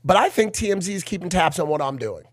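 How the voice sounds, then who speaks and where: Animated young man co-hosting a podcast. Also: high-pitched, quick pace, no echo, studio quality. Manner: animated, emphatic storytelling. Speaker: podcast co-host. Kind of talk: casual podcast banter.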